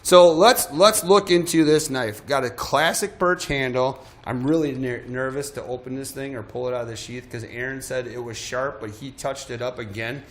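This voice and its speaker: A man's voice: medium pitch, steady tone, moderate pace, few pauses. A man hosting a live shopping show, talking in a chatty, self-deprecating way and often stumbling over his words. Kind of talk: live sales pitch.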